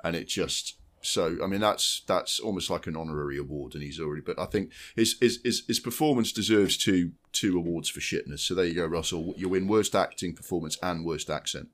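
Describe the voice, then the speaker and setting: A man's voice: sits low, brisk, hardly any pauses. A man co-hosting a podcast, chatting casually about films in a blunt, sweary way with many restarts. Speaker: podcast co-host. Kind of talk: casual film chat.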